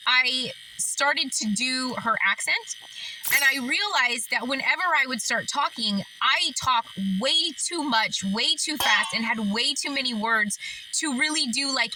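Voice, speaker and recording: A woman telling a family story in a casual, reflective vlog, chatty and full of fillers and thoughtful asides. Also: high voice. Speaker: author and storyteller. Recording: distant mic, steady background noise.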